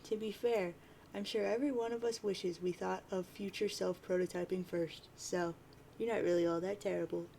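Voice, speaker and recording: Woman reading as a smug blind troll girl, gravelly. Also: lowish voice, fairly even intonation, normal speed, dark tone, slight background noise. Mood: teasing. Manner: reading chat lines aloud in a near-plain voice.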